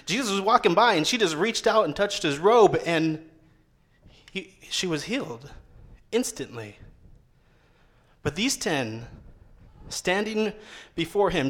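A young man, a seminary student, preaching a casual sermon in a conversational way and acting out quotes. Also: sits high. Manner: conversational, lively, acts out quotes with rising voice.

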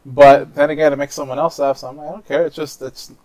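A man's voice: a little high, flat delivery, fast talker, a little mellow. A man in casual chat who talks bluntly and plainly, often restarting his words. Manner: blunt and matter-of-fact, with stumbling restarts.

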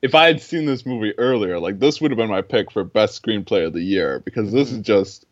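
Young man, low voice, dry muffled lo-fi mic, earnest rambling film talk. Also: expressive, a little fast, no room sound. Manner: earnest, rambling, many fillers and restarts. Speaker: film podcast co-host. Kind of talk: casual film discussion.

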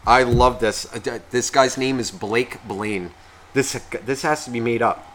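A man's voice: a little slow, fairly bright tone. A man co-hosting a podcast, telling rambling, profane stories in casual comedic chat. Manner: mimics relatives in a high, gushing voice. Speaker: podcast co-host.

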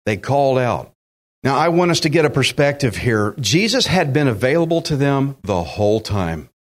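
A man's voice: mid-range voice, very animated, normal speed. A man preaching a sermon, emphatic and direct, acting out quotes and speaking to listeners as friends. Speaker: pastor.

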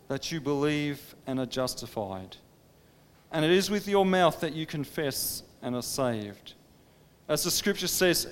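A man preaching a sermon, dramatic, swinging between impassioned pleading and hushed, quiet stretches. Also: fairly high pitch, smooth. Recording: long reverb of a large hall.

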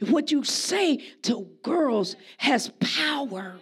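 A woman preaches a sermon in a high voice with a gravelly edge. She talks to the congregation like a friend, then rises into emphatic shouts. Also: expressive, unhurried.

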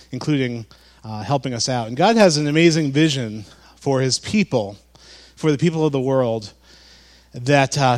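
A man preaching a sermon as pastor, in a relaxed, conversational way with frequent fillers and restarts. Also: mid-range voice.

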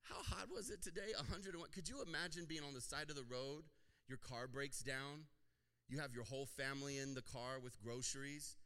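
A man preaching a sermon as pastor, joking with the congregation and acting out little scenes in a lively way. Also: medium pitch, brisk, clear, resonant tone.

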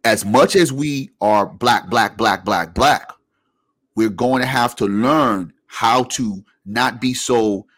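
A man co-hosting a podcast in casual chat, speaking emphatically and pushing his pitch up sharply to drive points home. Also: slow pace, fairly bright tone. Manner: emphatic, rising to high pitch when making a point. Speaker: podcast co-host.

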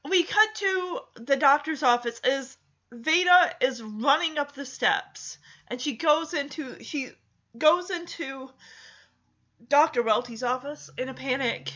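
A woman casually retelling a movie's plot, animated and acting out the characters' lines. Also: high-pitched, slow, dull audio. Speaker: film recap host.

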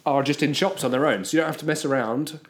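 A man's voice: on the high side, fast talker. A man co-hosting a podcast in casual chat, jokey and teasing. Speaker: podcast co-host.

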